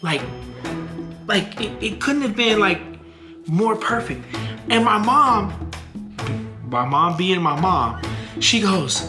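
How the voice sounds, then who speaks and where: A woman vlogger telling a family story in a casual, animated way, full of fillers and restarts. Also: medium pitch, slow pace, long pauses. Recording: echoey room with music behind.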